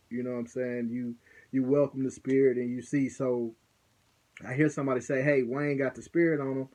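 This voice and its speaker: A man's voice: mid-range voice, dark tone. A young man with a mid-range voice tells a personal story in a loose, conversational way. He rambles a little and keeps checking in with the listener as he goes. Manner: loose and conversational, peppered with "you know what I'm saying". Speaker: vlogger recounting a ceremony. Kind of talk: casual storytelling.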